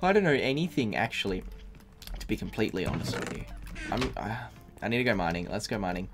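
A man's voice: lowish voice, lively intonation, quick pace. A man streaming a game live, tired, talking in a rambling, profane way full of fillers and restarts. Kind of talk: casual live-stream chat. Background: faint music.

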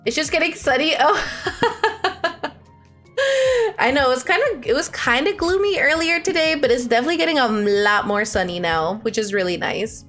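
Woman, twenties, streamer, casual chat, bubbly, higher voice. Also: moderate pace, long pauses, a bit bright, faint music behind. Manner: bubbly and chatty, with frequent laughs and fillers. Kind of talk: casual chat with live viewers.

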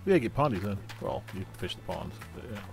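A man with a low, gravelly voice throws in quiet, offhand remarks while gaming with friends. He sounds distant from the microphone. Clear music plays behind him. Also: big pitch swings, quick pace. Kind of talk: casual chat while gaming.

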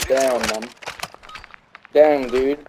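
A man's voice: mid-range voice, fairly even intonation, very slow. Profane trash-talking young man gamer. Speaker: gaming streamer. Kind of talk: casual gaming banter. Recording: game sounds with gunfire noise. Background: game gunfire.

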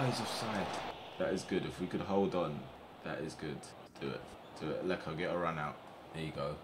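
A young man commentating on his football management game, getting excited and shouting at his players on screen. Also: low voice, moderate pace, slight background noise. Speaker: gaming streamer.

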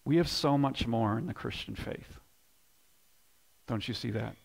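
A man preaching a sermon as pastor, swinging between loud emphatic bursts and hushed low lines, often repeating words as he builds a point. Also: measured pace, vocal fry, breathy edge. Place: church sanctuary.

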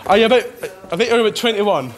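Man, quick and slightly high, hesitant housemate, crowd noise behind. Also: expressive. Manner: hesitant, repeating fed lines awkwardly. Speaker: reality show housemate. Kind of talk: casual chat.

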